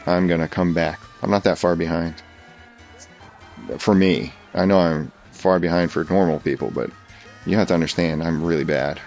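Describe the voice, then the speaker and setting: A man doing a comedic impression of a raspy, boastful older male pro wrestler who rambles through a tall tale full of restarts. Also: sits low, steady tone, normal speed, a little mellow, faint music behind. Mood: rambling. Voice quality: raspy, gravelly.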